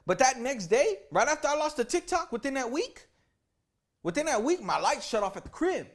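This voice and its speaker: Man, high voice, very animated pitch, storytime vlogger, swears constantly, acts out the people in his story. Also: fairly quick. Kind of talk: casual profane storytelling to camera. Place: at home, indoor room with lights rigged. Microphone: camera mic.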